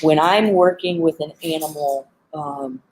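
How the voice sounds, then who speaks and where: A woman's voice: sits low, measured pace, a little mellow, husky, low-quality recording. A woman animal behavior trainer giving earnest, heartfelt advice in a live-streamed talk, with frequent "um" fillers. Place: animal center, sitting among birds.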